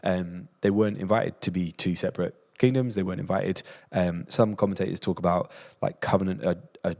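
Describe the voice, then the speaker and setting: A man's voice: deep voice, fairly even intonation, a little fast, creaky, darkish tone. A man co-hosting a casual Bible discussion podcast, explaining the text and acting out the prophet's lines in a raised voice. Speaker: podcast co-host. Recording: roomy reverb.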